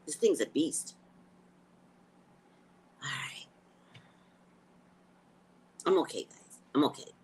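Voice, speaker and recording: Low-voiced, animated woman psychic. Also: takes it slowly, long pauses, a little hiss or hum, poor audio. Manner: blunt, swearing, emotional. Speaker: psychic host. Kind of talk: live psychic news chat.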